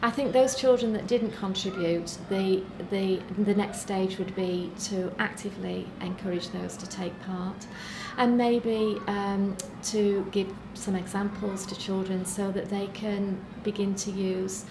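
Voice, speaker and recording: A woman's voice: mid-range voice, steady tone, unhurried, hardly any pauses, far from the mic. A British woman teacher leading young children through a sound game, encouraging them and making animal and buzzing noises, recorded from across a classroom. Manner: encouraging, drawn out, sound effects. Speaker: primary school teacher. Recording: echoey classroom from afar, noisy.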